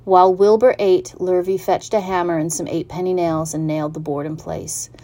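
A woman reading a children's storybook aloud in an even, unhurried narrating manner. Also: on the low side.

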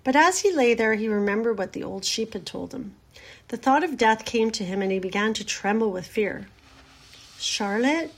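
A woman reading a children's storybook aloud in a gentle, measured way. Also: a little high, expressive, creaky, husky.

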